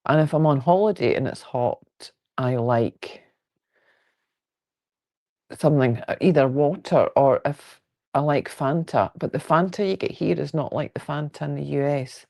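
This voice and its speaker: A woman with a Fife Scottish accent hosts a relaxed quilting livestream from home, chatting with viewers in a frank, jokey way. Her voice has a gravelly, creaky edge, and she rambles comfortably from one thought to the next. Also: low-pitched, measured pace. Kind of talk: casual livestream chat, answering viewer comments. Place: at home indoors.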